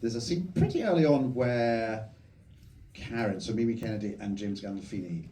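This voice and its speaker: A director reminisces calmly in front of a cinema audience. His voice is dark and mellow. It is picked up from well back in the hall, so it sounds distant and roomy, with a faint hiss. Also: medium pitch. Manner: relaxed reminiscing, measured. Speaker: film director. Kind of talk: onstage conversation. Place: cinema auditorium before a live audience. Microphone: stage mic recorded from the audience. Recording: distant, echoey hall recording with faint noise.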